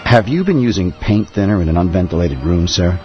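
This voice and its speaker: An actor playing a deadpan male noir detective with a Brooklyn accent, formal and polite, in a comedy radio play. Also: low-pitched, brisk, over music. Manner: deadpan, formal, sir-ending. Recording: slightly muffled recording.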